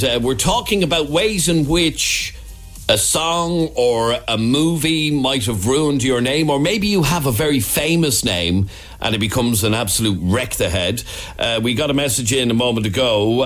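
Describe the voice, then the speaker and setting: An Irish man hosting a radio phone-in, his voice swinging widely in pitch as he teases callers. He talks into a close studio microphone with an easy, joking manner. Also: a little slow, soft background music. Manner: lively, joking, teasing. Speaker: radio host.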